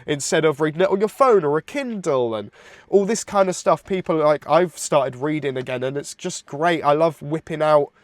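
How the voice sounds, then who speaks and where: A man's voice: fairly high pitch, moderate pace, dry recording. A man co-hosting a podcast, chatting casually and enthusiastically about music, sounding congested from hay fever. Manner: enthusiastic, rambling with restarts. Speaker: podcast co-host.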